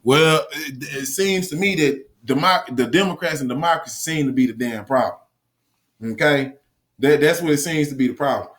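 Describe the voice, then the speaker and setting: A man's voice: on the high side, normal speed, a bit bright. A man speaking in a casual, profane rant, cursing often, repeating himself and reading news items aloud. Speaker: commentator.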